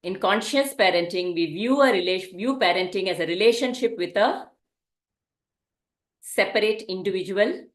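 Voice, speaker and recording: A woman's voice: medium pitch, moderate pace. Woman teaching a parenting class. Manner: conversational, asks the listeners rhetorical questions.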